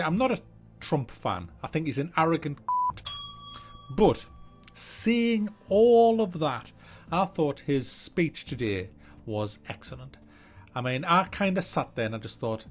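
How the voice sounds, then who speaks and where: A man rambles through a gaming news vlog, joking and swearing as he jumps between topics. His voice sits a little high and swoops up and down with lively energy, and faint music plays behind him. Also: unhurried. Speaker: gaming channel host.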